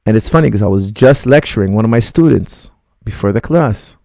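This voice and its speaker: A man's voice: lowish voice, expressive, brisk, creaky, a little mellow, no echo, studio quality. A middle-aged man, a martial arts coach, bluntly rambling through viewer questions on a live stream.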